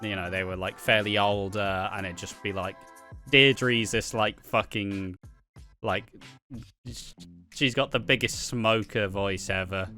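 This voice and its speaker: Bright-sounding guy chatting bluntly, swears a lot, faint music behind. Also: on the low side, steady tone. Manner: blunt, sweary, quick mimicry. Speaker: podcast co-host. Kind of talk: casual chat.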